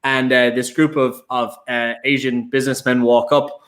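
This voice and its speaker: A man's voice: mid-range voice, flat delivery, normal speed, a bit bright. A young Irish man, a whiskey ambassador on a panel, telling self-mocking anecdotes in a loose, restarting way. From Ireland. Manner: rambling storyteller, many fillers and restarts, self-mocking laughs. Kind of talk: casual anecdotal chat.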